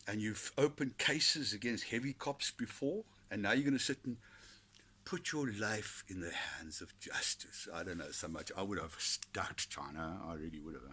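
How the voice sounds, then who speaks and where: A man's voice: fairly low pitch, fairly bright tone, breathy edge. A South African man hosting a podcast, rambling through sardonic, foul-mouthed commentary. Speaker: podcast host. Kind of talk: casual solo commentary.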